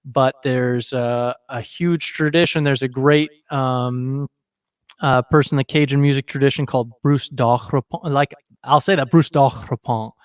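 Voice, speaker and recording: A man from Canada talking casually on a video call, relaxed and rambling with plenty of fillers. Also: mid-range voice, normal speed, smooth, no room sound, clean studio sound. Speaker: guest presenter, local correspondent. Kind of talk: casual livestream chat.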